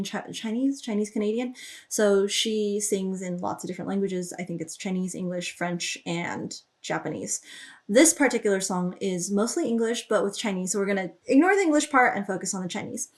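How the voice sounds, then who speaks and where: A woman explaining song lyrics as a language teacher, thinking aloud with small fillers and lifting her voice when she reads out each lyric line. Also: medium pitch. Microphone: studio microphone.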